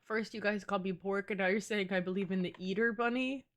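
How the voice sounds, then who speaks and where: A woman's voice: medium pitch, steady tone, fast talker. Chatty playful young woman streamer. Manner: chatty and playful, teasing her chat, frequent "like". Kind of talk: casual live-stream chat.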